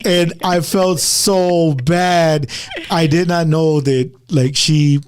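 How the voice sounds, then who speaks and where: A man's voice: fairly high pitch, steady tone, slow, a little mellow, a little hiss or hum. A man hosting a casual talk show, telling a story to listeners in a rambling way, often repeating words and starting over. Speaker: podcast host.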